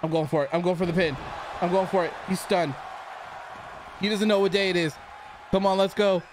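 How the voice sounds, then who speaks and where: A man hosting a gaming channel, giving excitable let's play commentary and talking back to the characters on screen. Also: high-pitched, fairly quick, long pauses. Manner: excitable, reacts loudly to the game, talks to characters. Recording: clear background noise.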